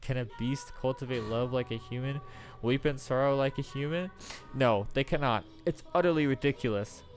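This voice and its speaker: A man voicing a cruel, taunting maid, speaking quietly and with contempt. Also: mid-range voice, moderate pace, faint music behind, lightly acted. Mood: sneering. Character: cruel mocking maid, cold and sneering.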